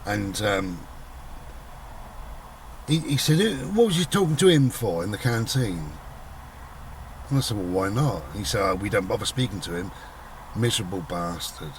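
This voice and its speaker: Middle-aged man, low voice, rambling casual storyteller, recorded a bit far from the mic. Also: a bit bright. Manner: rambling, conversational, voices quoted people. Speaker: channel host telling a personal story. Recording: voice a bit far from the mic, faint background noise.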